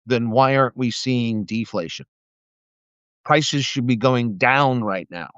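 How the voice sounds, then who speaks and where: An older man with a mid-range, fairly bright, clear, and resonant voice speaks slowly through an angry political livestream rant. He's profane and sneering, and heat pushes him into stammered restarts. The dull, dry, lo-fi audio has no room sound.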